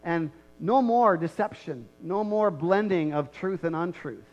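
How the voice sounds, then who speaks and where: A man's voice: sits high, measured pace, faint music behind. A male pastor preaching a sermon in a conversational way, repeating key lines and checking in with the congregation. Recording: muffled lo-fi recording.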